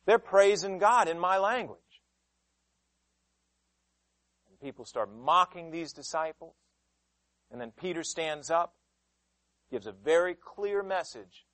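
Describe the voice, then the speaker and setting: Passionate high-voiced man preaching. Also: expressive, unhurried, pauses often, no room sound, rough recording. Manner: passionate, swings from loud emphatic to hushed. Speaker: pastor. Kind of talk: sermon.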